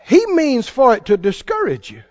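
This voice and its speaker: A man's voice: very high voice, wildly swooping pitch, moderate pace, a little mellow. A man preaching a sermon, emphatic and quizzing the congregation, with laughing asides. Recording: dull dry sound.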